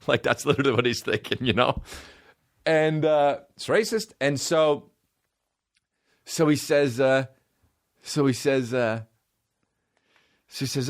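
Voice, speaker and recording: Male podcast host in his thirties, lively comic storyteller, profane and rambling, mid pitch with very animated swings. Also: a little slow, pauses often. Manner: rambling, profane, acts out quoted people in shifting voices. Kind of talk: comedic storytelling.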